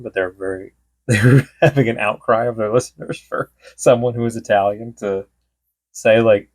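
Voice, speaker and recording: A man's voice: on the low side, darkish tone. A man co-hosting a podcast, telling stories in casual chat and quoting people as he goes. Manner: rambling storyteller, quotes people in bits. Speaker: podcast co-host.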